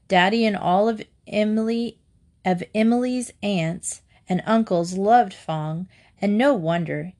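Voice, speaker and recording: A woman reads a children's book aloud in a calm narrating voice. Her delivery is slow and even. Her pitch sits in the middle.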